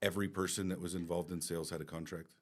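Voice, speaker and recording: Deep and rapid-fire, his voice barely moves in pitch. He's a company team member co-hosting a business podcast, speaking frankly and loosely, cursing at times and often starting over.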